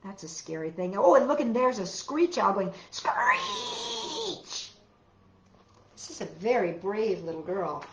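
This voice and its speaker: A woman's voice: medium pitch, normal speed, hardly any pauses, reverberant, heavy background noise. A woman narrating a wordless picture book for a children's storytime, wondering aloud and gasping as she goes. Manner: expressive and wondering aloud, with soft gasps. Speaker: storytime reader.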